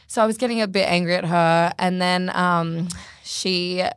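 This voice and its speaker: A woman's voice: lowish voice, moderate pace, clean tone, no echo, studio quality. A young woman telling a story in casual chat, rambling and leaning on "like" as she relives it. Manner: rambling, heavy use of "like", animated retelling.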